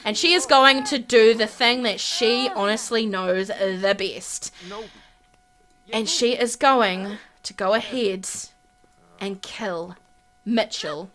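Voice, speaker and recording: A woman narrating her life-simulation game play in an animated way, gasping and exclaiming as she goes. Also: medium pitch, takes it slowly. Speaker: gaming YouTuber.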